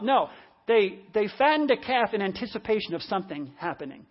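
A preacher in full sermon flow, medium-pitched, very animated and fairly quick, hammers repeated phrases and swings from loud, driving emphasis down to almost whispered passages. The recording is dull and lo-fi, with muffled highs.

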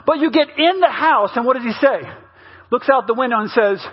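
A male pastor with a very high, husky voice delivers a humorous sermon, bouncing into quick impressions of his family. He is middle-aged and talks like a storyteller. The recording sounds muffled and slightly lo-fi. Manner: animated, mimics family members in stories.

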